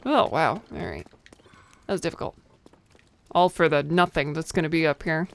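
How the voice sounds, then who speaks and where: Game streamer, casual gameplay commentary, chatty and self-mocking, playful, bright tone, crisp voice. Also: medium pitch, normal speed.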